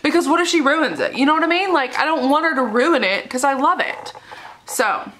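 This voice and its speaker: Bright-voiced young woman gushing about books. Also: high-pitched, expressive, brisk, a little hiss or hum. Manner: gushing, emotional, laughs often. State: tearful. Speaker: book vlogger. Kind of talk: casual vlog chat. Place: dark living room at home.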